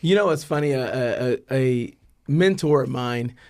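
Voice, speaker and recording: A man hosting an interview podcast, speaking in a measured, reflective way with frequent ums and uhs. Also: mid-range voice, darkish tone. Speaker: podcast host. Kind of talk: conversational interview.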